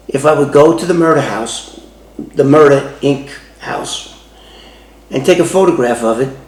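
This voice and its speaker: A man from the Bronx, telling a true story from his past in a loose, halting way with many restarts. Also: mid-range voice. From the Bronx, New York. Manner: loose, halting retelling with restarts and street phrasing. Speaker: former FBI informant recounting a case. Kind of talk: conversational first-person storytelling. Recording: roomy echo.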